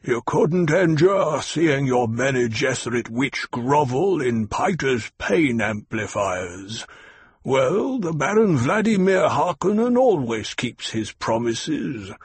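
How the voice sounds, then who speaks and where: A man doing a slow, sneering villain baron. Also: medium pitch, sing-song, husky, no room sound, heavily acted. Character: cruel scheming male baron villain. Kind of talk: audiobook character reading.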